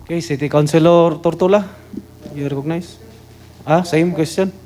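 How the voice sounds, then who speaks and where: Brisk Filipino council chairman. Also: a little high, steady tone, dark tone, slight background noise. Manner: brisk, procedural. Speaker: presiding chair.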